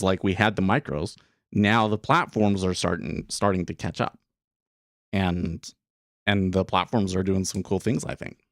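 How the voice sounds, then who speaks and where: A man's voice: low-pitched, gravelly, no echo, studio quality. A man hosting a day trading livestream, talking casually and rambling with lots of fillers and restarts. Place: home studio room.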